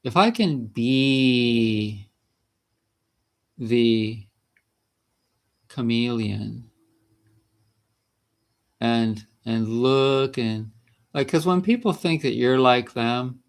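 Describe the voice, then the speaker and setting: A man's voice: medium pitch, gravelly. A man vlogging about natural health in a casual, rambling monologue, chatty and laughing between sentences.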